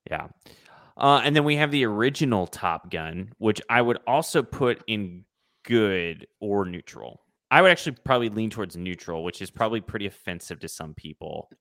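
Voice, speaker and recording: A man's voice: fairly low pitch, expressive, normal speed, fairly bright tone, no room sound, clean studio sound. A man co-hosting a movie podcast, leading the ranking and making wry jokes. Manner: wry, joking, moves the list along. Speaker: podcast co-host leading the list. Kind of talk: casual chat.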